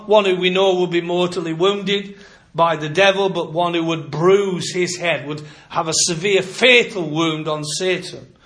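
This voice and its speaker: A man delivering a sermon in a slightly higher-pitched voice. He speaks in a measured, emphatic way. He stretches out the words when he quotes scripture. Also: a bit bright. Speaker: preacher.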